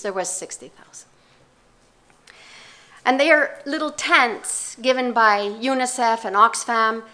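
An older woman giving a talk, telling a personal story in a measured, reflective way with pauses and restarts. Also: on the high side, pushed and bright.

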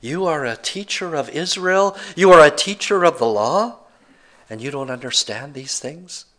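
Jesus, a preacher voicing a plain-spoken, exasperated teacher. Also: male voice, on the high side, expressive, normal speed, fairly bright tone. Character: Jesus, a patient but exasperated male teacher. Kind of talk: sermon.

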